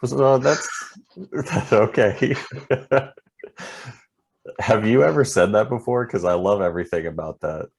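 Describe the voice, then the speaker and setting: A man's voice: on the low side, unhurried, gravelly, pauses often, a little mellow. A man co-hosting a podcast in casual recap chat, playful and laughing often. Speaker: podcast co-host.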